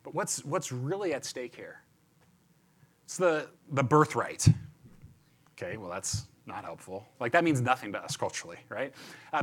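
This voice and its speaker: A man's voice: mid-range voice, a bit bright. A man giving a chatty, conversational sermon as a pastor, often repeating words and checking in with "right?".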